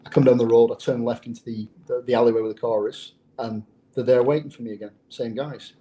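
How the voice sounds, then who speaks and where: A man's voice: medium pitch, fairly even intonation, quick pace, mellow, rough recording. An English man who is a former undercover police officer, telling a story in an interview in a blunt, profane way. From England.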